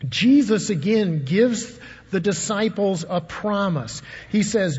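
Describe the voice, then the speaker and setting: A man's voice: sits high, expressive, slow pace, darkish tone, slightly rough. An older man preaching a sermon, telling a personal story and putting questions to his congregation. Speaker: pastor. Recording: dull, long echo of a large hall.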